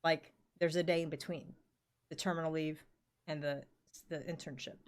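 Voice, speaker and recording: A woman's voice: sits low, level tone, moderate pace. A woman in her forties telling a rambling work story in casual chat, full of fillers and the odd swear word. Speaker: podcast co-host.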